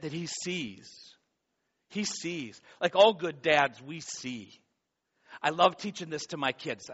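A man in his forties preaching a sermon, dropping to a hush and then rising to loud storytelling. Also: a little high, highs cut off. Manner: swings from hushed intimacy to loud acted-out storytelling. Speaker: pastor.

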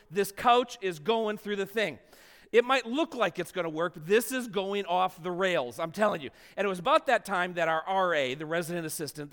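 A man preaching a sermon as a pastor, telling a self-deprecating story in an animated way before turning to his congregation. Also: sits high, big-room sound.

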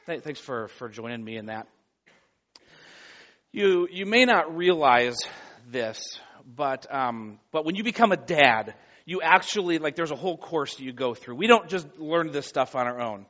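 A middle-aged man preaching a sermon as a pastor, earnest and growing loud and animated as he tells a story. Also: a little high, normal speed. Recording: dull lo-fi sound.

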